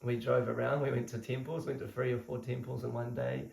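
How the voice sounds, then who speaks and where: A young man casually telling the story of his spiritual initiation, animated and laughing often as he talks. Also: mid-range voice, a little fast, vocal fry. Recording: roomy echo, mic at a distance.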